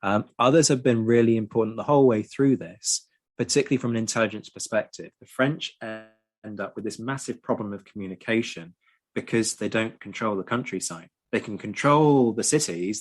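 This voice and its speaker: A man explaining history in a casual chat, lively and prone to ranting. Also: lowish voice, a little fast. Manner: lively, ranting, frequent ums. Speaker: podcast co-host.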